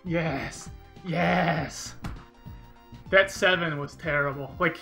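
A speedrun streamer at home, talking excitedly on a live stream, sighing often and thanking viewers one by one. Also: medium pitch, unhurried, pauses often, faint music behind. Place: room at home with a window.

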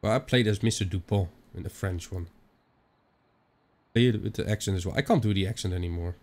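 A young Dutch-accented man talks his way through a game, rambling from one aside to the next. He swears casually. His voice sits a little low. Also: brisk, darkish tone. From Netherlands. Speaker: gaming channel host. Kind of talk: let's-play commentary.

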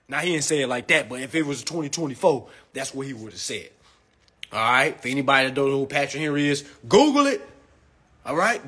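A man's voice: medium pitch, very animated, moderate pace, bright, forceful tone, slightly rough. A drunk man delivering a preachy, profane ranting monologue, constantly checking in with "all right?". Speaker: consumer finance commentator.

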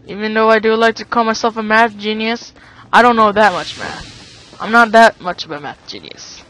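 A man's voice: high voice, moderate pace, pushed and bright, slight background noise. A man doing let's play commentary over a horror game, switching between jokey asides and panicky yelps. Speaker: gaming commentator.

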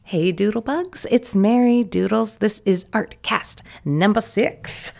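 A young woman, a little hoarse, chatting casually and playfully with jokey asides while she draws. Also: mid-range voice, slow pace, a little mellow. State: slightly hoarse. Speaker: art vlogger. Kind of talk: casual commentary while drawing.

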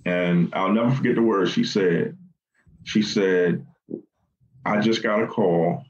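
A man recounting the morning he learned of his brother's death, speaking haltingly with many fillers and restarts as he quotes what others said. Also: deep voice, highs cut off. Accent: Baltimore. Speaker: guest recounting family loss. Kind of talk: personal storytelling in a podcast interview.

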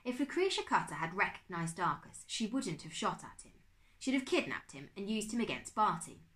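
A woman reading aloud and voicing a fussy, excitable middle-aged uncle who exclaims and splutters. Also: mid-range voice, normal speed. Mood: stern.

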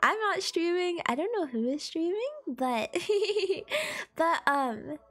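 High-pitched congested woman streamer. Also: very animated, slow pace, fairly bright tone. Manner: playful, giggly, teasing the chat. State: stuffy, congested nose. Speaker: live streamer. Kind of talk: casual live-stream chat. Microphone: desk microphone.

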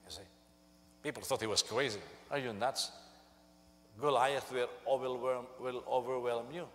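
A male senior pastor preaching a sermon, animated and storytelling, who jumps into high voices to act out quotes. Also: in a large hall.

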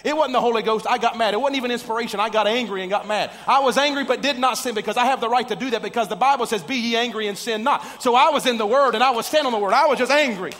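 A man preaching a storytelling sermon as pastor. He tells the story with lots of "uh" fillers and builds up to shouting. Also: very high voice, rapid-fire, hardly any pauses, in a large hall. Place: church sanctuary.

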